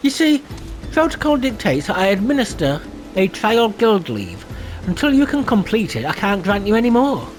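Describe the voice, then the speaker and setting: A man's voice: sits high, big pitch swings, normal speed, faint music behind, voice pushed up, low-quality recording. A man voicing a small, officious guild clerk who speaks in a proper, formal way.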